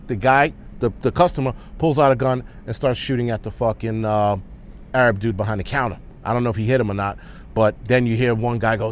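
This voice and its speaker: A man's voice: mid-range voice, fairly even intonation, a little fast, slight background noise. A man ranting as a vlogger, blunt and heated, swearing often. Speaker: prepper vlogger. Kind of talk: angry opinion rant.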